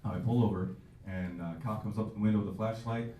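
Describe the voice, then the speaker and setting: A man's voice: fairly low pitch, steady tone, fast talker, dark tone. A man in his twenties doing a stand-up comedy set, with a loose, self-mocking delivery and bursts of acted-out voices. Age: 20s. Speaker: stand-up comic. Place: comedy club stage. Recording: echoey club audio from far off.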